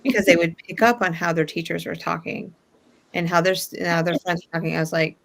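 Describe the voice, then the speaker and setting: Frank chatty woman, low voice. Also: fairly even intonation, quick pace, creaky. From northern US. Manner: chatty, frank, laughs easily. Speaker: podcast co-host, mother. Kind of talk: casual chat.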